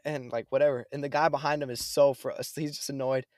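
A young man in casual conversation, telling a story with lots of slang and energy. His voice sits at a middling pitch. The sound is dry and close. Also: little pitch movement, quick pace, a little mellow, no echo. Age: young adult. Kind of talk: casual chat.

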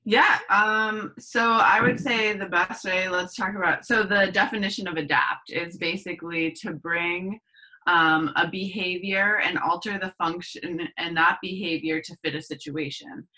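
A woman talks as a podcast guest, laying out explanations with many fillers and self-corrections. Her voice is a little low but bright and forward. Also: fairly even intonation, unhurried, rough recording. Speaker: podcast guest, herbal medicine practitioner. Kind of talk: casual explanatory chat.

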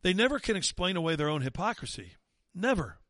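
A talk radio host, a man, delivers an indignant, sarcastic rant. His voice sits a touch high for a man and swings widely in pitch. The sound is close and dry, with no room around it. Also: very animated, a little fast, a bit bright, no room sound. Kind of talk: opinionated talk radio monologue.

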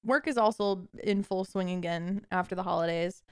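A woman's voice: fairly low pitch, moderate pace, darkish tone, clear, resonant tone, dry recording, studio quality. A woman co-hosting a casual podcast with friends, telling self-deprecating stories with lots of laughter and swearing. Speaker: podcast co-host. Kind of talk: casual chat among friends. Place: lives in a cold snowy area, recording remotely.

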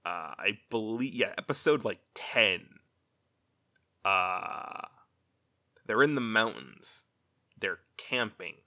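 A man's voice: on the low side, animated, takes it slowly, long pauses, bright, forceful tone. A man hosting a casual chat, rambling, laughing often and swearing freely.

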